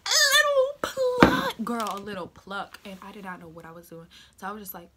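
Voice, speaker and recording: A young woman vlogger telling a casual story, animated and slangy, with dramatic asides and sudden whispers. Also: fairly low pitch, fast talker, very noisy.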